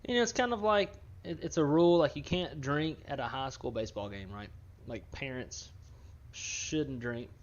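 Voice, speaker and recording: A man chatting in a relaxed, rambling way on his stream. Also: medium pitch, normal speed. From northern Louisiana. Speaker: flight sim streamer. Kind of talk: casual stream chat. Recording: dull lo-fi stream audio.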